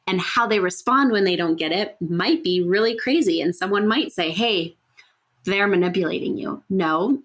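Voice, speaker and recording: A woman hosting a solo podcast, talking earnestly and conversationally, thinking aloud with fillers and rhetorical "right?" checks. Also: medium pitch. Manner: earnest, explanatory. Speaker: podcast host. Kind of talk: casual solo podcast talk.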